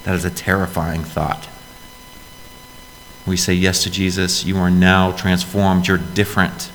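A man delivers a sermon from a church sanctuary with a somewhat low voice. He talks conversationally, then presses harder on key phrases. His words ring out with a long hall reverb over a faint low rumble. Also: little pitch movement, unhurried, fairly bright tone. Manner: conversational preaching with rising emphasis. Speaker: pastor.

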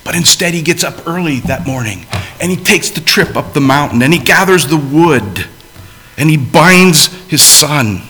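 A man preaching a sermon, swinging between loud emphasis and hushed, quiet asides. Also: fairly high pitch, lively intonation, moderate pace.

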